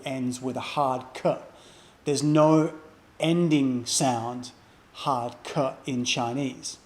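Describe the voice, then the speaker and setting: A man teaching a beginner language lesson, explaining slowly and repeating example phrases with care. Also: mid-range voice, a little mellow. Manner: slow, careful repetition of example phrases.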